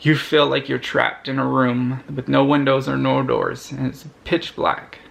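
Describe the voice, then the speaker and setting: A young man vlogger telling a personal story to camera in an earnest, halting way, often restarting his sentences. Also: mid-range voice, flat delivery, gravelly, fairly bright tone.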